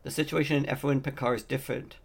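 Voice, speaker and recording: Man, audiobook reading, heavy vocal fry, mid pitch, plain narration. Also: fairly even intonation, fast talker. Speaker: audiobook reader. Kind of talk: reading a novel aloud.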